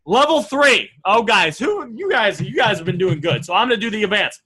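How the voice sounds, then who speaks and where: A man coaching a training group through a live online session, energetic and reading out sample messages. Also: high-pitched, brisk, slightly rough, rough recording.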